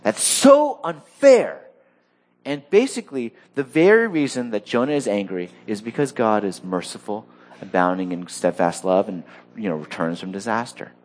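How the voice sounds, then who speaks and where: A man preaching a sermon, animated, acting out quotes and often repeating words as he goes. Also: on the low side, normal speed. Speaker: pastor.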